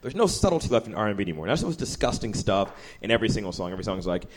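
A man's voice: lowish voice, rapid-fire, crowd noise. A young man doing a stand-up set, then chatting as a guest, bouncing between silly put-on voices. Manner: lively, jumping into silly voices. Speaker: stand-up comedian.

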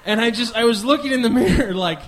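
Young male comic host from the Midwest: high voice, wildly swinging delivery, excitable and profane, rambling self-mocking bits. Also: quick pace. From American Midwest. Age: 20s. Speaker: live podcast host.

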